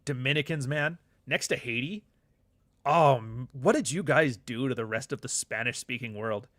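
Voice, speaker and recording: A middle-aged man hosts a live show and reads viewer comments aloud. He jokes and swears freely as he talks. His voice sits at an ordinary middle pitch, and the recording is dry and close, with no room echo. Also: moderate pace, a bit bright. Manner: loose, profane, joking banter with frequent asides. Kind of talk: casual livestream chat, reading viewer comments.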